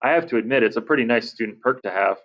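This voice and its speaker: Reading a children's fantasy novel in first person, a man narrates in a lively, expressive way at a very fast clip. His pitch is average. The audio is dull and muffled, with a lo-fi quality.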